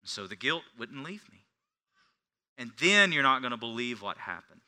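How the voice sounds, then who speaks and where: A middle-aged male pastor preaching a sermon, telling a personal story, swinging from hushed confession to loud preaching. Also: mid-range voice, big pitch swings, normal speed. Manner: confessional storytelling, dropping to near whispers then rising to shouts.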